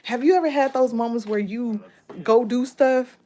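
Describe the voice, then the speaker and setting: A young adult woman chatting casually with viewers during a livestream, animated and talkative, thanking people by name and sliding into baby talk with her son. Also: on the high side, normal speed. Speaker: livestream host.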